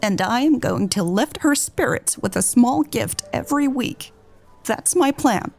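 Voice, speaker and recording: A woman voicing a sad, frail elderly lady who speaks softly through sighs and tears. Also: medium pitch, unhurried, vocal fry, soft background music, pitched above the performer's own voice. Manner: soft, sighing, wavering.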